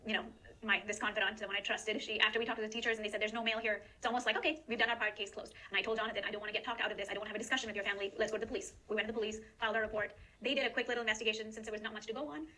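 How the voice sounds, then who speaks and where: A woman's voice: medium pitch, little pitch movement, rapid-fire, pushed and bright, poor audio. A mother giving an earnest, emotional personal statement about her family. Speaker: guest in a recorded statement. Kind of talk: personal testimony.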